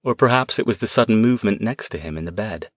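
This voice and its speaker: A low-voiced man reads a supernatural thriller audiobook in a tense, measured way. The recording is dry and close, with no room sound. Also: lively intonation, dry recording. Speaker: audiobook narrator. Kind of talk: scripted narration.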